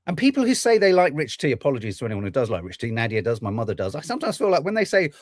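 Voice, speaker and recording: A man's voice: mid-range voice, wildly swooping pitch, racing, no room sound, studio quality. A man hosting a podcast, ranting through political commentary with plenty of swearing. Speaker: podcast host.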